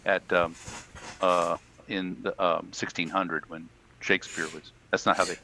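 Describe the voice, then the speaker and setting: A man with a fairly low, bright and forceful voice, chatting casually as a podcast co-host. He rambles through thoughts with plenty of "um"s and restarts, landing on jokes. A faint hiss of noise sits under the recording. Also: little pitch movement, unhurried, rough recording. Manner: rambling, many fillers and restarts, jokey. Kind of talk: casual chat.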